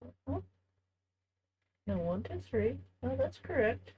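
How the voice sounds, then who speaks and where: A woman's voice: a little high, very animated, slow, husky, muffled recording. A woman streaming from home, chatting casually with viewers as she works on a craft. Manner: chatty, talks to viewers while working. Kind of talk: casual live-stream chat while crafting.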